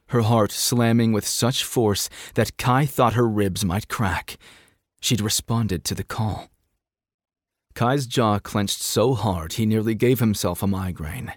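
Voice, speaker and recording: A man reads a gritty novel aloud in a measured, dramatic narration. His voice sits on the low side, and the recording is close and dry, with no room sound. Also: no echo. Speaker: audiobook narrator. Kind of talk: scripted narration.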